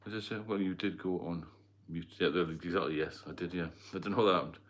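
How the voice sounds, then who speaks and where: Hosting a laid-back livestream, a middle-aged man from Northeast England rambles as he answers comments from viewers. His voice is deep and fast, with fairly even intonation, and his accent mixes Geordie and London.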